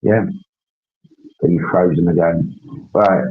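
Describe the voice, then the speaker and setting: Rambling low-voiced man on dull stream audio. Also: steady tone, slow, slightly rough. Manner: rambling, adds tag questions, talks through tasks. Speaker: livestream host. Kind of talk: casual livestream chat.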